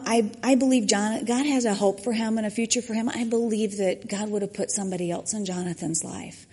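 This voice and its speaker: A woman's voice: medium pitch, a little mellow, breathy edge. A woman, a church mentor giving a personal testimony, acting out the quotes in her story. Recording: long hall reverb.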